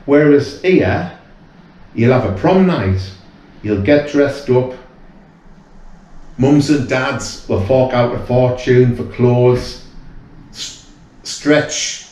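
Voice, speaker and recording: A man's voice: mid-range voice, drawn-out words, long pauses, darkish tone. Earnest British man, echoey room. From United Kingdom. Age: 50s. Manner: earnest, rambling, many restarts. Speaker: guest. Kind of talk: casual chat. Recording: very echoey room, away from mic.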